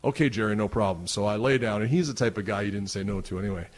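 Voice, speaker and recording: Low-voiced middle-aged canadian guy telling a story, laughs a lot, gets animated. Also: quick pace. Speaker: guest, wrestling announcer. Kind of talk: casual storytelling.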